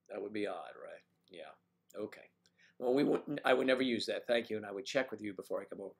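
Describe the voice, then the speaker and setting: A man's voice: quick pace, vocal fry. An American man hosting a casual livestream from home, reading viewer comments with playful, teasing banter. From United States. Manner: playful, teasing, animated jumps in pitch. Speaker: livestream host.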